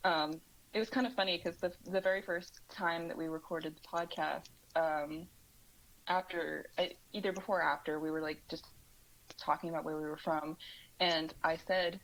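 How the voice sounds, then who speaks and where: A woman's voice: low-pitched, fairly even intonation, moderate pace, fairly bright tone, poor audio. A woman from Missouri with a light southern Midwest twang, chatting casually as a podcast guest and laughing often. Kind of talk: casual chat.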